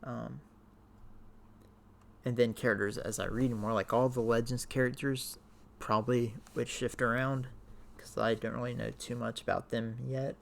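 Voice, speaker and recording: Man, casual vlogger, mid-pitch, gravelly edge; tired, rambling, hesitant delivery. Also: little pitch movement, moderate pace. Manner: rambling, hesitant, many fillers. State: tired, voice wearing out. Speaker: youtuber ranking characters. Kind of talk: casual talk to camera.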